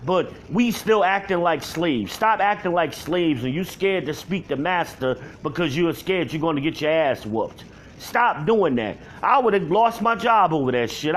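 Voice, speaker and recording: A man delivering a heated, profane rant to camera, yelling at home by himself. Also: a little high, a little hiss or hum. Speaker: vlogger. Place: at home alone.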